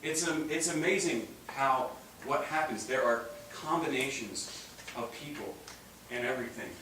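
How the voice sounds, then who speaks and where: Male seminar speaker, animated and joking, far from the mic in a very echoey room with noise. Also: medium pitch, unhurried. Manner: animated, joking, acts out voices with laughs. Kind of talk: live seminar talk. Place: large room with live audience.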